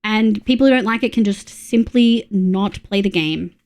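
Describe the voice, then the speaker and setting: A woman's voice: medium pitch, normal speed, a little mellow. A young Australian woman streaming live, chatting casually and bluntly with her chat while she plays, greeting viewers and humming as she builds.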